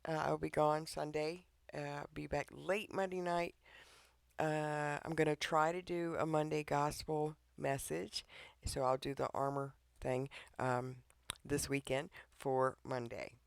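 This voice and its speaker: Earnest gravelly man preaching. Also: a little high, flat delivery, measured pace, no room sound, clean studio sound. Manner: earnest, pleading, repeatedly checks in with the listener. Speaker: online devotional preacher. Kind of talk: informal devotional talk.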